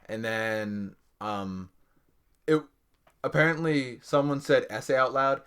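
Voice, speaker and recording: A man's voice: mid-range voice, slow pace, a bit bright, clear, resonant tone. Young male podcast co-host, casual storyteller, mid-range voice, laughs easily. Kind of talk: casual chat.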